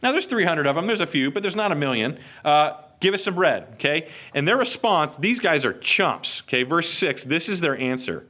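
A man leads a Bible study in a relaxed, chatty manner, slipping in jokes and frequent check-ins. His voice sits a little high for a man and swings up and down with lively energy. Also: moderate pace, hardly any pauses. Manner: lively, jokey, checks in with "okay?". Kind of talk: casual teaching.

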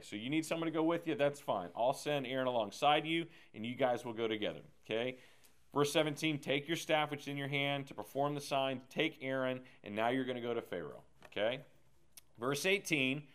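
A man at a middle pitch teaching a Bible class. He talks in a loose, chatty way, pausing to ask the group questions and tagging his points with "right?". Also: a bit bright. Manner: conversational, asks the group questions, frequent "okay?" and "right?".

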